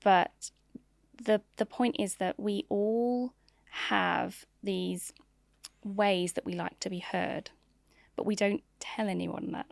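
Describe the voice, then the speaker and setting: A woman's voice: medium pitch, steady tone, slow pace, gravelly, no room sound. A middle-aged woman, a marketing leader, telling frank stories in an interview on a close podcast mic. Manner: frank, open, storytelling. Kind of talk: candid interview conversation.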